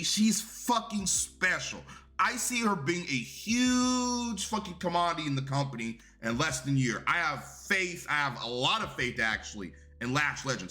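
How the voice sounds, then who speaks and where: A man's voice: a little high, pushed and bright. A young man giving a casual, rambling and profane review of a wrestling show.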